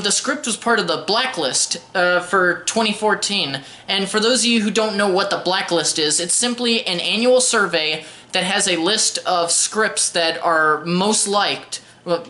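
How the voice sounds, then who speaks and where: A woman's voice: medium pitch, bright, forceful tone. A young woman giving a casual spoken film review in a wry, sarcastic way, often restarting her sentences. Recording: roomy echoey room.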